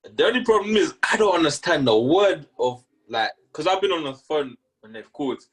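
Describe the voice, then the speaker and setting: A young man co-hosting a casual podcast chat, teasing and joking with loud laughs. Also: on the high side, animated, a little fast, breathy edge. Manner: teasing, jokey, laughs loudly. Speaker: podcast co-host.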